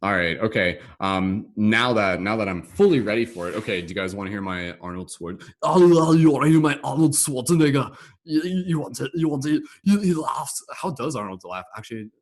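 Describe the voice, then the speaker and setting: A man's voice: mid-range voice, expressive, fairly quick. A man hosting an online laughter meditation session on a video call, upbeat and rambling, with lots of "like" fillers. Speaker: host, laughter meditation facilitator. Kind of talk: casual online group session.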